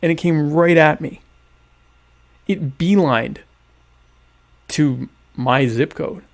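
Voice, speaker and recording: Guy hosting a stream from home, gravelly kinda high voice, sarcastic and rambly, chewing on dinner. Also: slow pace. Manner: sarcastic, rambling, mock-grandiose. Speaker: podcast host. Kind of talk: casual solo livestream chat. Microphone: webcam stream setup.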